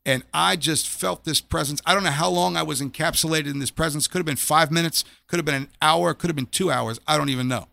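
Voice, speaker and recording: A middle-aged former police officer gives an earnest personal faith testimony in an interview, often repeating phrases as his emotions rise. His voice is on the high side, fast and creaky, with few pauses and a bright, forceful tone.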